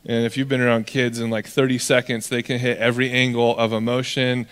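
A man's voice: mid-range voice, level tone, brisk, fairly bright tone, clear, resonant tone. Male pastor, sermon, conversational storytelling, acts out voices, long hall reverb.

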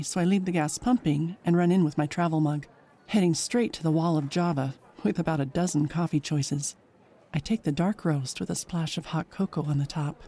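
Woman narrating a story, mellow voice. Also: sits low. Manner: lively, chatty storytelling. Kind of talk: scripted first-person narration.

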